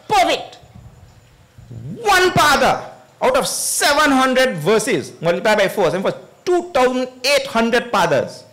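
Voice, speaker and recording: A man giving a scripture discourse as a swami, telling stories with chuckles and asking his audience questions. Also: on the high side. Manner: animated storytelling, chuckles, asks the audience "eh?". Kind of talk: sermon.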